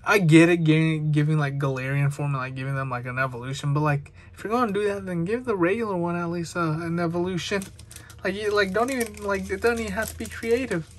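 A young man chatting excitedly with lots of filler words while opening trading card packs. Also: on the high side. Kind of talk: casual unboxing commentary.

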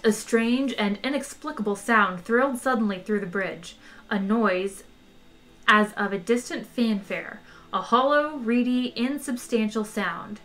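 A woman reading a novel aloud, expressive and unhurried. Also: medium pitch. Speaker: audiobook reader. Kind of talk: storybook narration.

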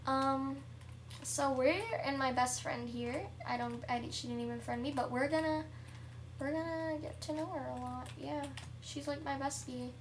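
A young girl giving casual, chatty commentary over her own gameplay at home, excitable and shrieking at surprises. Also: high voice, moderate pace, far from the mic, a little hiss or hum. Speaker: gameplay vlogger.

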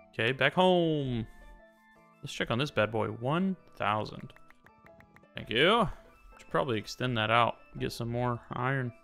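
Young male gamer, chatty and smooth-voiced with some vocal fry, keeps up a running commentary over soft background music. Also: mid-range voice. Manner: chatty, talks to the game characters, quick swings to loud surprise. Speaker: gaming YouTuber. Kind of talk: casual let's-play commentary. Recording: faint music behind.

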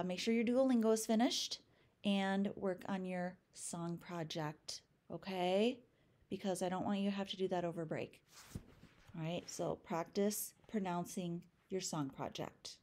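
An American woman teaching a French lesson in a chatty, upbeat way, spelling out words and drilling them slowly. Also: mid-range voice, darkish tone. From United States. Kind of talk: recorded classroom lesson.

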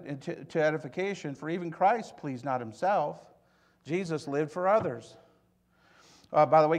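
A middle-aged man from Michigan preaching a conversational sermon as pastor, telling stories and prodding the congregation for amens. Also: on the high side. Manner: chatty storytelling, prods the congregation for amens. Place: church sanctuary.

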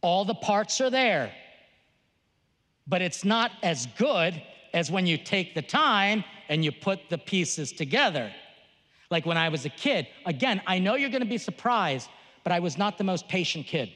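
A man, a Catholic priest, giving a lively conference talk with jokes and a teaching tone. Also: high voice, a little slow. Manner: animated, joking, teaching tone. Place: large conference hall. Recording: long reverb of a large hall.

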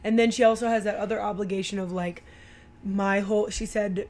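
A woman in easy, casual conversation, walking through a film scene by scene. She talks at a mid pitch and slips into quoting the characters as she goes. The tone is relaxed and unscripted. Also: a little fast. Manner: chatty, retells scenes with quoted lines. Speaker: movie commentator. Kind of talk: casual movie recap chat.

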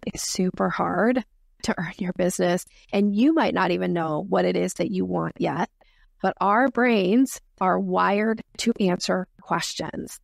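A woman who is a sales expert, explaining techniques in a podcast interview with energetic role-played dialogue. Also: mid-range voice, vocal fry, dry recording, studio quality.

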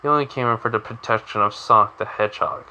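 Guy voicing a cool male hedgehog, short dismissive lines, kinda bright tone. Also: on the low side, quick pace, lo-fi sound, a little hiss or hum. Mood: smug.

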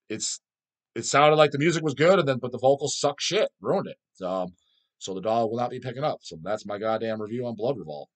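Male channel host, mid pitch, profane blunt rant style, crude and casual. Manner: blunt, crude, swears constantly. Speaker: channel host answering viewer questions.

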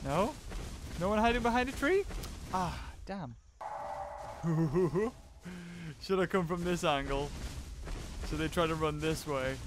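A young man giving excited commentary while playing a survival game, laughing often and putting silly lines in the creatures' mouths. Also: fairly high pitch, slow, long pauses, noisy background. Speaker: gaming YouTuber. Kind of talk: let's play commentary. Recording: game music behind.

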